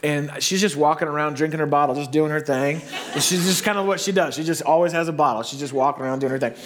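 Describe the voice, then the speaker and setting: A man preaching a sermon. He tells a story casually, then slows into hushed, earnest appeals. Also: a little high, noisy background. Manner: storytelling, swings between playful baby talk and slow hushed earnestness. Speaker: pastor.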